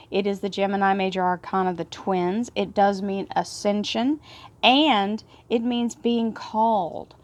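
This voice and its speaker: Effusive Texas Southern woman reading tarot. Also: mid-range voice. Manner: effusive, prone to excited laughter and hushed prayers. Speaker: tarot reader.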